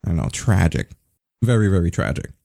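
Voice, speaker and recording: A man talks through wrestling news in a casual podcast chat, mocking and swearing as he goes. His voice is dark and husky. The sound is dry and close, with no room around it. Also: low voice, moderate pace, no room sound. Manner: sarcastic, swearing, animated. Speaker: podcast host.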